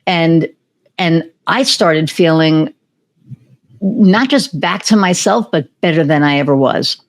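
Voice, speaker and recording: Animated woman telling a personal story. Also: low voice, takes it slowly. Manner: animated, acts out remembered dialogue; many fillers and restarts. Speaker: podcast guest. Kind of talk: casual storytelling interview.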